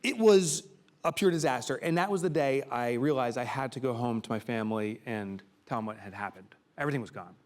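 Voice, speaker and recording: A middle-aged man giving a keynote to a live audience in a room, telling a personal story with emotion and sudden loud exclamations. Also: medium pitch, a little fast. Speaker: keynote speaker.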